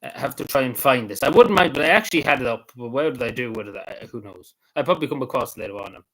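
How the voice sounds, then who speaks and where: A man hosting a casual livestream, talking in a halting, rambling way with frequent laughs and restarts. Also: medium pitch, expressive, a bit bright, rough recording. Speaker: livestream host.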